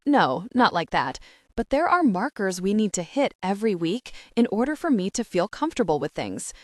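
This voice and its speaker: A woman voicing a steady, teasing young male cowboy in a romance audiobook, with a dry, joking delivery. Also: medium pitch, moderate pace, dry recording, natural voice.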